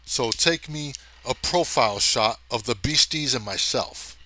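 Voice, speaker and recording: A man voicing a huge, brawny male space ranger in a storybook reading, gruff and teasing, in a mostly plain voice. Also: mid-range voice, unhurried, pushed and bright, a little hiss or hum, poor audio. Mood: bossy. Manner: gruff, teasing, meant as Irish but plain.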